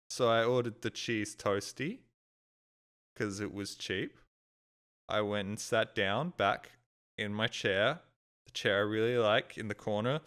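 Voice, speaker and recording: A young man recounts his morning like a streamer chatting to his viewers, swearing freely as he rants. His voice is smooth and clear at a middling pitch, and he sounds worn out and fed up. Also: fairly bright tone. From Australia. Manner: swears often, ranting, exasperated. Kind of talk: casual storytelling rant.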